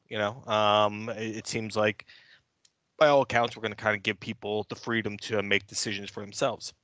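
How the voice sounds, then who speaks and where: A man co-hosts a casual podcast, his voice bright and forceful at a middle pitch. He rants bluntly and swears freely. The mic sounds close and dry. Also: no echo. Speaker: podcast co-host. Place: New York City.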